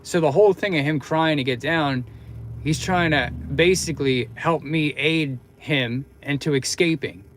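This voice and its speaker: A young man chats to his livestream viewers in a loose, meandering storytelling style. He often circles back, restarts his sentences and fills gaps with "like" and "you know". His voice sits at an ordinary middle pitch for a man. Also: a bit bright, a little hiss or hum. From Philadelphia, United States. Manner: rambling, chatty, many fillers and restarts. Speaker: livestream host.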